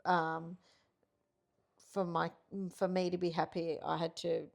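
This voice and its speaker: A woman's voice: fairly low pitch, level tone, takes it slowly, vocal fry. A middle-aged woman co-hosting a casual couples podcast, talking frankly and reflectively with many fillers. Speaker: podcast co-host.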